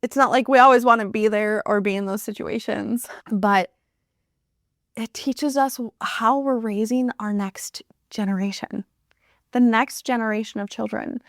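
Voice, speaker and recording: A woman in her thirties hosting a reflective solo podcast, speaking earnestly and warmly about her life with gentle laughs. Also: fairly high pitch, measured pace, no echo, clean studio sound. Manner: earnest and heartfelt, with soft laughs. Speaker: podcast host.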